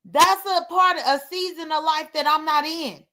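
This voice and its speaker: A woman speaking hosts a livestream, and her talk runs candid, emotional and rambling. Her voice sits high and comes out bright and clear. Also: steady tone, normal speed. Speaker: livestream host.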